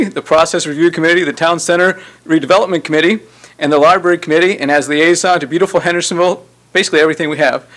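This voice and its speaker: Quick-talking mayor. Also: male voice, on the high side, a bit bright. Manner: folksy asides between formal reading. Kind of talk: reading a formal proclamation at a city board meeting. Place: city council chamber.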